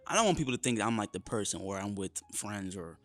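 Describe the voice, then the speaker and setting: A man co-hosting a casual podcast chat, talking in an animated way and often calling his partner "bro". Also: fairly low pitch, fast. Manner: animated, peppers speech with "bro". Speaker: podcast co-host.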